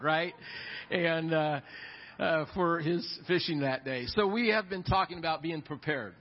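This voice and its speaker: A man's voice: fairly high pitch, a little slow. Folksy preaching man, muffled church audio. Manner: folksy, repeats words, storytelling asides. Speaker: pastor. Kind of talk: sermon. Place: church sanctuary. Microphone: lapel mic.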